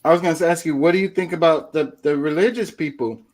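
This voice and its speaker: A man's voice: on the high side, fast talker. A man hosting a casual podcast, asking eager questions and stumbling over repeated words as he jumps in.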